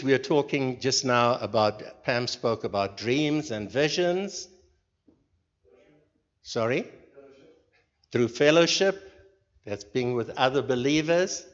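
Slow, earnest man preaching in a hall. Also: mid-range voice. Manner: slow, earnest, pauses between phrases. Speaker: leader of a church group meeting. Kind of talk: informal sermon with questions to the group. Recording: dull recording with long hall reverb.

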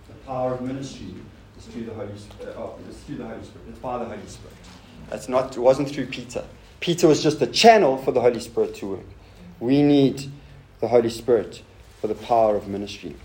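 Speaking in a mid-range voice with a darkish tone, a man delivers a sermon to his congregation. He poses rhetorical questions and drops informal asides to the audience, and the audio carries a roomy hall echo with faint noise.

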